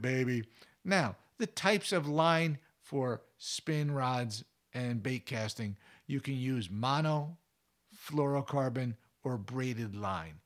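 A man's voice: medium pitch, fairly bright tone. A man hosting a fishing show, giving casual advice in a chatty, folksy way with anecdotes. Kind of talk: casual instructional talk.

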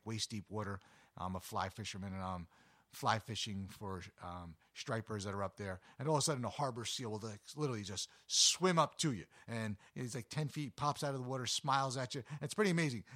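Chatty low-voiced male outdoors host. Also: fairly bright tone, no echo, clean studio sound. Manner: chatty, rambling, enthusiastic storyteller. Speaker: outdoor adventure show host. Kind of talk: casual outdoor storytelling to camera.

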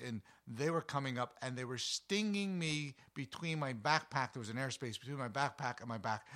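A man from New Jersey hosts his own show and tells rambling outdoor stories in a casual, joking way. His voice has a bright, forward edge, and he talks at a middle pitch. He fills his speech with ums and restarts. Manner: animated, jokey, fillers and self-corrections. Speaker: show host. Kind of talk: casual storytelling monologue.

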